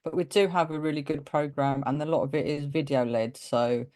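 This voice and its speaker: Woman, casual interview chat, lower-pitched voice, animated storyteller who acts out quotes. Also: fairly quick. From of Greek descent. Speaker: guest teacher.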